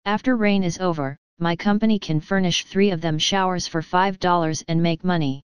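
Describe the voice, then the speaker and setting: A brash, boastful con-man company boss, as a woman reads him who talks over everyone. The voice is low and very smooth. The recording is dry and slightly dull. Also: steady tone, moderate pace, dry recording, lightly acted. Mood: pushy. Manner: pushy, boastful. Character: brash fast-talking male con-man company president.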